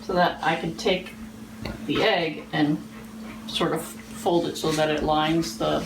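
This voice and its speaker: A woman's voice: sits low, fairly even intonation, takes it slowly, vocal fry, far from the mic. A woman chatting casually while cooking in a home kitchen, talking to her dogs. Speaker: vlogger. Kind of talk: casual chat. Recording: echoey, off-mic, noisy kitchen.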